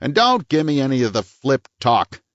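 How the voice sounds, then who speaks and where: A man's voice: medium pitch, very animated, moderate pace, a bit bright, no room sound, dull audio, voice pushed up. A man voicing a hard, bullying small-town police chief who snaps his questions.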